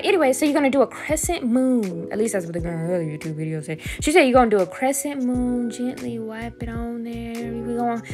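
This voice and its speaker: A woman's voice: a little high, a bit bright. A young woman narrating a makeup tutorial in a goofy, self-mocking, chatty way. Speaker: beauty vlogger. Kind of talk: casual voice-over tutorial.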